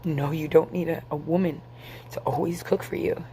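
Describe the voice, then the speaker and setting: A woman's voice: low-pitched, steady tone, moderate pace, warm tone, slight background noise. A woman in her forties venting to her camera, angry, tired and swearing freely. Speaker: vlogger.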